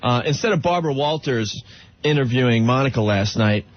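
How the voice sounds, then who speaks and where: A man's voice: medium pitch, expressive, no room sound. Needling male radio host. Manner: needling, quick, reads station IDs. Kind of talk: casual comedy radio chat. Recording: muffled radio broadcast with music.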